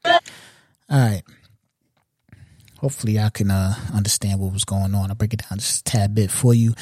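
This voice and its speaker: A man's voice: on the low side, warm tone, dry recording, clean studio sound. A man hosting a podcast in casual commentary, talking in loose profane slang and checking in with the listener often. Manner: loose, profane street slang, frequent "you know what I'm saying". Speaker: podcast host.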